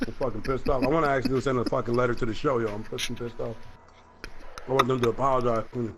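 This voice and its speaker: A man telling profane stories in animated casual banter. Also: medium pitch, fast talker, crowd noise. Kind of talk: casual banter while gaming.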